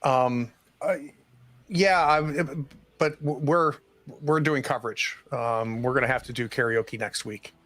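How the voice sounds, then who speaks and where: A man's voice: mid-range voice, steady tone, a little slow, fairly bright tone. A man running a tabletop horror game as game master, hesitant and full of ums and restarts.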